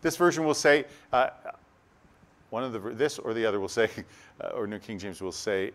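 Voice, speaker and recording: Animated male pastor preaching. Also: medium pitch, brisk. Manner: animated, acts out voices of the crowd, laughs often. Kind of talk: sermon.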